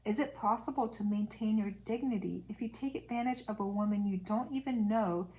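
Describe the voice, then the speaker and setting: A woman's voice: mid-range voice, fairly quick, dark tone, natural voice, poor audio. A woman reading the lines of a proud young male student in an audiobook, solemn and lecturing.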